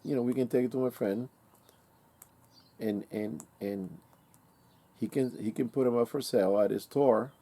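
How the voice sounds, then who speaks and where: Guy rambling through a story, lots of uhs and ums, mellow warm voice, mid pitch. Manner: rambling, with many fillers and restarts, acts out quoted dialogue. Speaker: vlogger. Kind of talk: casual storytelling to camera.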